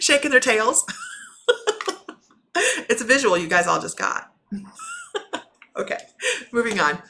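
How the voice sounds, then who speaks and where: Medium lady doing live readings, talks on and on, cuts herself off, bright punchy voice. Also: mid-range voice, big pitch swings, moderate pace, long pauses, slight background noise. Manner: rambling, self-interrupting, laughs often. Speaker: spiritual medium giving readings. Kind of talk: live-stream chat with viewers.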